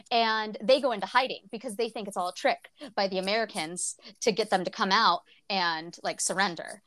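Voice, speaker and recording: A woman's voice: a little high, a bit bright, dry recording. A woman co-hosting a podcast in a casual book chat, laughing often and swearing freely. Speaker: podcast co-host.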